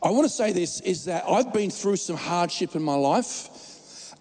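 A man's voice: on the high side, measured pace, a little mellow, in a large hall. A man preaching a sermon as pastor, emphatic and joking, often restarting his words.

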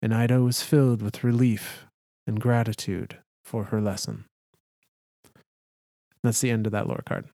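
A man reading a story aloud as a podcast co-host, in a calm, deliberate way. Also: lowish voice, gravelly, dry recording, clean studio sound. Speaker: podcast co-host, lore reader. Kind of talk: story narration.

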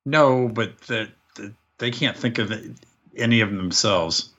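A man's voice: lowish voice, measured pace, fairly bright tone, lo-fi sound. A man co-hosting a casual podcast chat, chiming in with dry, wry remarks. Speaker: podcast co-host.

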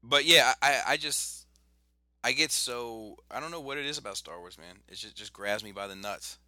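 A man in casual chat, profane and animated, with quick bursts of excitement. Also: mid-range voice, no room sound.

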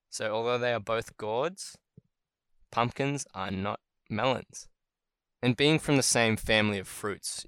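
A man hosts a solo podcast on word origins, chatting casually and thinking aloud as he goes. His voice is lowish and a bit bright, with no echo.

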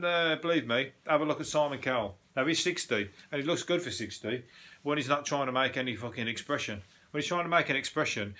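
A man from England with a Birmingham (Brummie) accent hosts a solo podcast, his mid-range voice sharp in tone. He rants about the news, swearing freely and often restarting his sentences.

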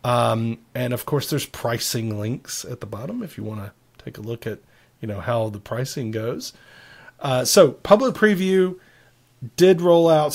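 A man co-hosts a casual tech podcast. He talks at a middle pitch for a man. He explains software features at length and slips in joking asides. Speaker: podcast co-host.

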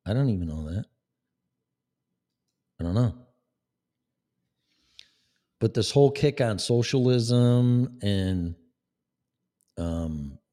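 A man's voice: fairly low pitch, dark tone. A man delivering a profane, sarcastic political rant as a vlogger. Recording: long echoing reverb.

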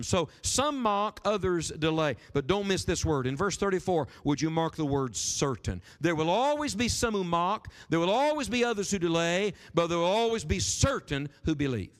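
A man pastor preaching a sermon, animated and emphatic, rising and dropping his voice for stress. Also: sits high, normal speed, few pauses. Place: church sanctuary. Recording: sermon with long hall reverb.

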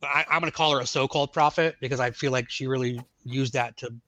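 Bright-voiced man telling his story. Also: mid-range voice, fairly even intonation, fast talker. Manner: rambling, full of "like" and "you know". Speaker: podcast guest, Army veteran. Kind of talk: casual testimony storytelling.

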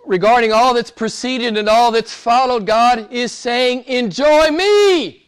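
A man preaching a sermon and praying to a live congregation, earnest, slowing down and stretching key words for emphasis. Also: extremely high pitch, clean tone.

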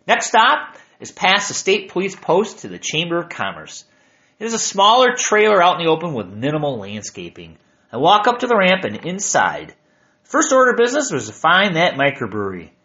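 A man reads his own hiking journal aloud with wry, self-mocking humor. His voice is bright and fairly high, with lively swings in pitch. The recording sounds a bit dull and lo-fi. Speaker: narrator.

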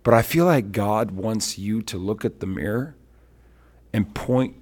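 A man's voice: lowish voice, unhurried. A middle-aged man, a traveling worship leader and evangelist, telling stories on a faith talk show and acting out the people he quotes. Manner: animated storyteller, acts out quotes.

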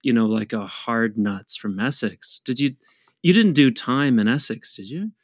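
Man, podcast co-host, teasing deadpan humor, dry close sound. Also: mid-range voice, measured pace, no echo. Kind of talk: casual podcast chat.

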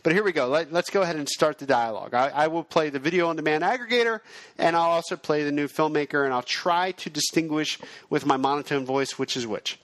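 A male podcast host who explains things in a steady, self-described monotone. His voice sits a little high and sounds close and dry, with no room around it. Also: quick pace, no echo. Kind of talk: podcast monologue.

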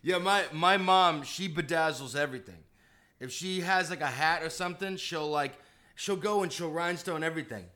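A man co-hosting a casual chat, joking and quick to pile on gags. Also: on the high side, bright, forceful tone.

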